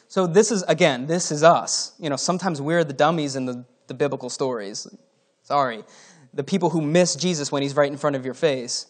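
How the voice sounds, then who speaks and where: A man's voice: a little high, normal speed. Casual man preaching a sermon. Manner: conversational, reads scripture aloud with asides and chuckles.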